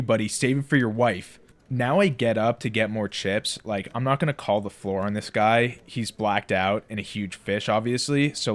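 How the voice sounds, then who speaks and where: A man narrating a poker vlog in a blunt, irritated storytelling voice-over. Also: on the low side. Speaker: poker vlogger.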